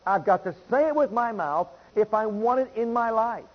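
A man's voice: high-pitched, expressive, moderate pace, slightly rough, muffled recording. A man preaching a sermon, driving home points by repeating phrases and reading scripture aloud.

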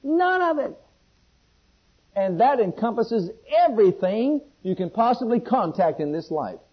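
A man with a somewhat high, husky voice preaches a sermon. He swings between loud, ringing questions from scripture and soft, close pleading, and asks the congregation to answer him. The recording is dull and lo-fi. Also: very animated, unhurried. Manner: call-and-response questions to the congregation.

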